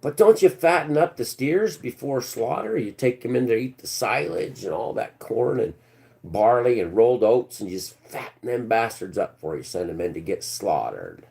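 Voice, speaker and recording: A man's voice: medium pitch, very animated, normal speed, vocal fry, darkish tone. Man ranting crudely on a live stream. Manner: rambling, crude and sarcastic.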